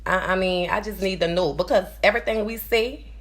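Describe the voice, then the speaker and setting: A woman's voice: mid-range voice, a little fast. A woman in her forties with a nasal New Orleans accent, rambling to her viewers in a casual monologue and often checking in with "you understand?". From New Orleans, USA. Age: 40s. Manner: rambling, repeats "you understand?", swings between loud and quiet. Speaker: vlogger.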